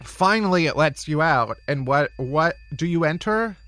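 Comic male podcast host, high and bouncy delivery, swears and laughs through his bits. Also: moderate pace. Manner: animated, swearing, laughing at own jokes. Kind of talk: comedic monologue.

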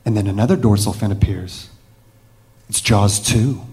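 A man telling a personal story vividly, with dramatic pauses and hushed moments. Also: on the low side.

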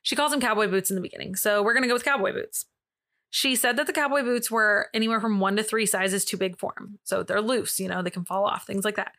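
A young woman hosts a true-crime podcast and walks through a case in loose, conversational speech. Her voice is bright and crisp, and she laughs easily and drops the odd swear word. She sits at a middle pitch for a woman. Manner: chatty, laughs often, swears. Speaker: podcast host. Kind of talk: casual true-crime storytelling.

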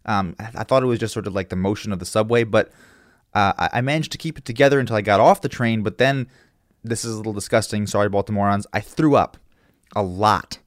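Joking podcast co-host with a low voice. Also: male voice, quick pace, dry recording, studio quality. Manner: jokey, rambling storytelling with fillers. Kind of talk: comedic podcast banter.

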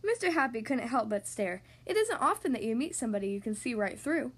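A woman reads a picture book aloud to young children in a high voice. Her storytelling is gentle and expressive. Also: brisk, breathy edge. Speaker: podcast host reading to kids.

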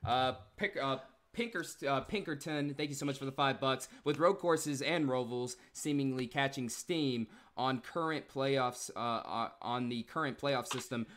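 A man's voice: mid-range voice, measured pace, hardly any pauses. A man hosting a casual motorsport livestream, reading out viewer donations and laughing often. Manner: animated, reads donor messages with laughs. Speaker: podcast host reading donations.

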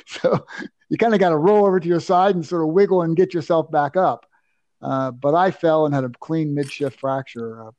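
A man's voice: medium pitch, no room sound, lo-fi sound. Emphatic older man telling a story. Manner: animated, emphatic, self-assured. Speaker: guest. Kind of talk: anecdotal storytelling.

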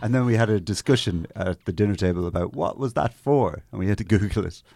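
A low-voiced man co-hosting a comedic podcast, joking and wandering off into asides. The sound is dry and close, with no room around him. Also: fast talker, vocal fry, mellow, no room sound. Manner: joking, rambling. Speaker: podcast co-host. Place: studio.

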